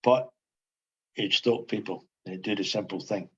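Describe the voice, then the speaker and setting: A man's voice: lowish voice, fairly even intonation, normal speed, a bit bright, breathy edge, dull audio. An older man, a former footballer, reminiscing as a podcast guest in a rambling way, repeating phrases and asking "you know what I mean". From Scotland. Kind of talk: casual reminiscing chat.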